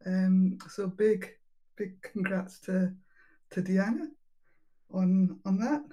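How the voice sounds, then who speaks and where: A woman's voice: mid-range voice, fairly even intonation, takes it slowly, mellow, poor audio. Chatty woman sharing news with a laugh. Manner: chatty, laughing, many fillers. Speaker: community team member. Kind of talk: casual live chat.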